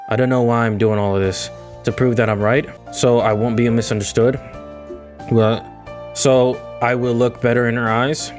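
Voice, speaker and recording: A man's voice: medium pitch, level tone, moderate pace, faint music behind. A young man reading a visual novel aloud and reacting with exasperated, slangy outbursts. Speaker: gaming video creator.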